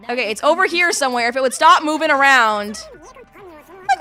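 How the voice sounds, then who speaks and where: A woman's voice: high-pitched, expressive, normal speed, pauses often, sharp tone. A woman giving gaming commentary as she plays, chatty and swearing freely at the game. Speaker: let's play host. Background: game music.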